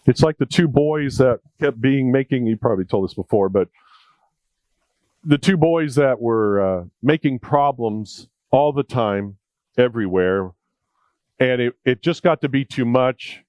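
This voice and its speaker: A man's voice: mid-range voice, expressive, unhurried, darkish tone, no room sound. A male preacher delivering a sermon in a conversational, jokey way, repeating key points for emphasis.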